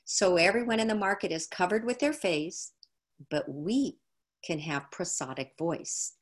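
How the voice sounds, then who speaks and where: A woman teaching on a video call, explaining calmly and repeating key phrases for emphasis. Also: lowish voice, measured pace, husky.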